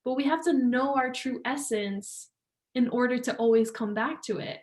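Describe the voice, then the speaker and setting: A woman co-hosting a casual chat about yoga, earnest and warm with laughter, often acting out her inner thoughts. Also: fairly high pitch, moderate pace. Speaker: yoga teacher co-host. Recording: echoey room.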